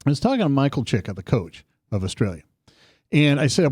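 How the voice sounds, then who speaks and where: A man co-hosting a casual political radio chat, telling stories in an animated, lively way. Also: fairly quick, breathy edge, no room sound, studio quality. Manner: animated storytelling, lively pitch swings. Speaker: co-host. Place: studio.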